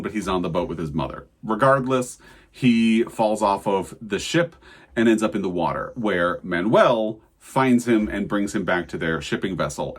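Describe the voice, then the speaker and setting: A man co-hosting a casual book review chat, summarizing in detail and giving frank opinions. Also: on the low side. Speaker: book channel co-host.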